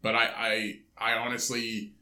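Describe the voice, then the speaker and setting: A man's voice: medium pitch, completely flat delivery, measured pace, pushed and bright. A young man co-hosting a podcast in casual chat, rambling, swearing a lot and often restarting his sentences. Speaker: podcast co-host. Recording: echoey room.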